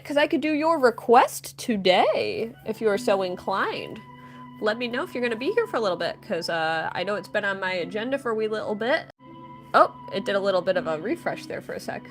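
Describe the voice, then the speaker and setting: A woman's voice: a little high, fairly bright tone. Chatty woman livestreaming, music behind. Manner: chatty, greets viewers by name. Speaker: livestreaming artist. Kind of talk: casual livestream chat.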